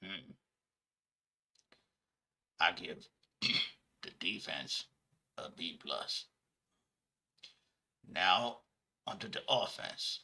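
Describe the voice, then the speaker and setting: A man's voice: low voice, lively intonation, very slow, pauses often, pushed and bright, heavily acted. A man voicing a male sports columnist who murmurs his grades of the players, with mm-hmm asides. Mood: dry.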